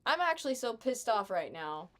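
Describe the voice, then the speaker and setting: A woman's voice: a little high, sing-song, moderate pace, fairly bright tone. A young adult woman chatting casually with her live stream chat while gaming, sarcastic and chatty.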